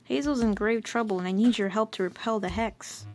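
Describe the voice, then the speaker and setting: A woman reading aloud the lines of an earnest teenage girl spellcaster from her old story, in a plain, flat read-aloud voice. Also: medium pitch, brisk, slight background noise, lightly acted. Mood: pleading.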